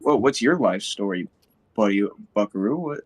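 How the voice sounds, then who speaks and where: A man's voice: lowish voice, animated, normal speed, slightly rough. A man streaming a game, joking around in playful, hesitant banter. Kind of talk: casual in-character banter.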